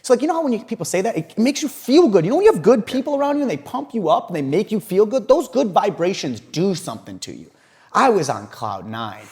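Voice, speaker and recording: Young male interview guest, fairly high voice, animated swearing storyteller. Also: fast. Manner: animated, profane, laughs often, acts out quotes. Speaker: podcast guest, entrepreneur.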